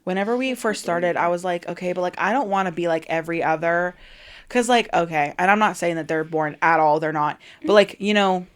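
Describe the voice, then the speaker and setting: A woman's voice: lowish voice, fairly quick. A young woman co-hosting a podcast, chatting casually with lots of fillers and frequent swearing. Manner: rambling, filler-heavy, swears often. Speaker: podcast co-host. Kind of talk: casual chat.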